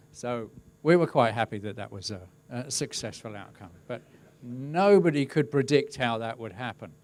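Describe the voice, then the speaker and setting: A middle-aged man speaks at an ordinary pitch for a man. He talks through a webinar presentation about crowd safety. His storytelling is easygoing and wry, with a dry touch of humour. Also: moderate pace, hardly any pauses, a little mellow. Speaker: crowd safety and event management specialist. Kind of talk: webinar presentation, telling an anecdote.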